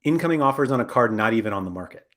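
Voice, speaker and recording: A man's voice: mid-range voice, expressive, very fast, fairly bright tone. A man hosting a casual podcast, talking in a rambling way with lots of fillers and self-corrections. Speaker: podcast host.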